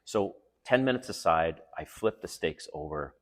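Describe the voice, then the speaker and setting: A middle-aged man with a deep, low-pitched voice hosts a casual advice vlog. His delivery is animated and swoops up and down as he tells chatty stories, chuckling often. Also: normal speed. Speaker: dating advice host.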